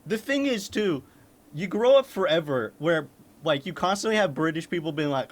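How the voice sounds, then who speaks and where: A man's voice: a little high, animated, normal speed. A man from Maine streaming casually, blunt and profane, laughing often and breaking into incredulous outbursts. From Maine, United States. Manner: exclamatory, with sudden incredulous outbursts. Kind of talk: casual reaction commentary.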